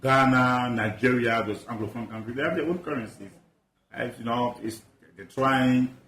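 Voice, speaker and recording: A man's voice: mid-range voice, normal speed, fairly bright tone, echoey room. A man from Ivory Coast, a guest expert in an interview, talking passionately with emphatic rhetorical questions. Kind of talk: animated interview talk.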